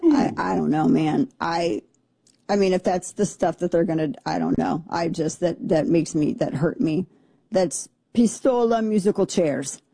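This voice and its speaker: A talk radio host, a woman, in loose on-air chat who riffs with disbelief and jokes. Her voice is mellow and warm and sits dry and close on a studio mic, with no room sound. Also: on the low side, unhurried, vocal fry, husky, no echo. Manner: incredulous, joking, repeats herself. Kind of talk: casual on-air commentary.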